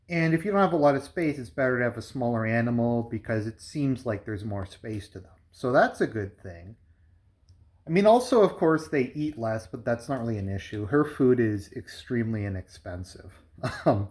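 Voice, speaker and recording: A man chatting casually and rambling about his cat, laughing often and a little out of breath. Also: mid-range voice. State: slightly out of breath from coffee. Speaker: pet vlogger. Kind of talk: casual chat to camera.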